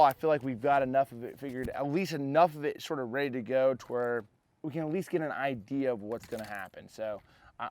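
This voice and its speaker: A young man hosting a fishing vlog, talking casually to the camera in an easygoing, rambling way. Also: medium pitch. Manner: easygoing, rambling, many fillers. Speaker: professional bass angler and vlog host.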